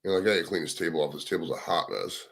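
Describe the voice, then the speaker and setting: A man's voice: sits low, very fast, creaky, fairly bright tone. A young man hosting a casual livestream from home, rambling and swearing as he chats to his viewers. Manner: rambling, profane, chatting to viewers. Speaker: livestream host. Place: home, indoors.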